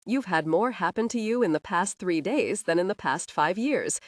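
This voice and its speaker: A woman reading the part of a man who leads an FBI unit, speaking in a calm, firm and steady way. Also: lowish voice, moderate pace, dry recording, studio quality, close to an everyday voice. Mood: gentle.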